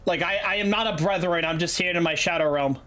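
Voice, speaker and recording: A man's voice: sits high, fast, pushed and bright, faint music behind. A young man from Massachusetts with a light local accent, chatting loosely as a game streamer, rambling and joking with some swearing. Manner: rambling, joking, profane, laughs often. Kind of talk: casual gaming stream chat.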